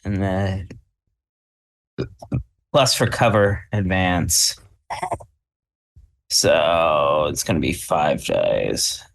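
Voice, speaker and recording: A man's voice: low-pitched, lively intonation, extremely slow, vocal fry, long pauses. A man playing a tabletop game, describing his character's moves and thinking aloud. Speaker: player.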